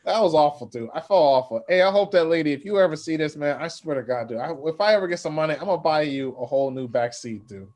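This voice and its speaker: A man's voice: a little high, quick pace, few pauses. A young man from Cleveland telling a comic story in casual chat, laughing often and acting out the people he quotes. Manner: laughing, animated, acts out quoted voices. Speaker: comedian guest.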